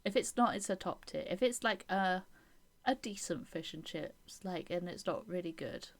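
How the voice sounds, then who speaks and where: A woman's voice: fairly low pitch, normal speed. A young British woman chatting casually while live-streaming a game, opinionated and given to rambling restarts and indignant bursts.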